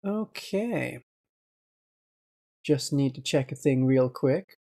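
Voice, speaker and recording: Gentle Northeast English streamer voice. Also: medium pitch, lively intonation, takes it slowly, vocal fry. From northeast England. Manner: gentle, laughs often. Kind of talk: casual livestream chat.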